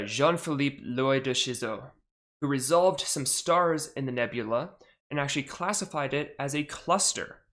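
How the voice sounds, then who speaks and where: A man's voice: mid-range voice, a bit bright. A young man hosting a live stream podcast, talking casually and correcting himself as he goes. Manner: rambling, self-correcting, chatty. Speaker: podcast host on a charity stream. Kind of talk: casual live-stream talk about astronomy.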